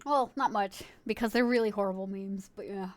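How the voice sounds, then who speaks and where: A woman's voice: mid-range voice, brisk. A woman streaming live, chatting casually and giggling, swearing freely as she talks to her viewers and a friend in chat.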